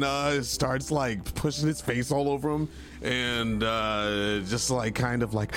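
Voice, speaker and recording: A man's voice: medium pitch, fairly even intonation, a little slow, music in the background. A man playing a tabletop role-playing game, rambling and giggly as he describes his paladin. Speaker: player. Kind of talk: tabletop role-play, in and out of character.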